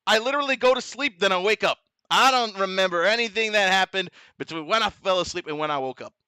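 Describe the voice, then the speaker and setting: A man hosting a casual stream chat, goofy and profane, his voice hoarse. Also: sits high, fast talker, pushed and bright, dry recording, clean studio sound. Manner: goofy, profane, laughs often. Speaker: vtuber host.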